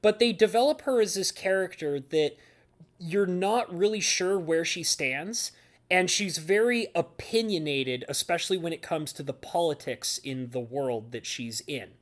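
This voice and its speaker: A man's voice: a little high, measured pace. Male anime reviewer, casual and rambling, gushing with filler words. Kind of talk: casual talk to camera.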